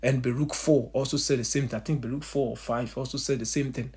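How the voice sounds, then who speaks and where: A man's voice: medium pitch, steady tone, fast talker, a little mellow, slightly rough. A man preaching a sermon, calling his listeners family and answering his own rhetorical questions.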